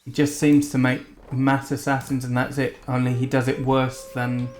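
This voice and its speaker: A man hosting a gaming channel, giving relaxed, chatty commentary on a computer strategy match. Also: mid-range voice, moderate pace. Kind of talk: casual game commentary. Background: game music.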